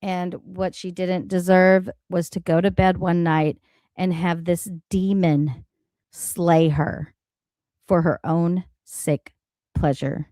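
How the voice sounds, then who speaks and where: A woman hosting a reaction livestream, talking in a blunt, animated and profane way about the clips she plays. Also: lowish voice, slow pace, no room sound, studio quality. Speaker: livestream host. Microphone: home streaming mic.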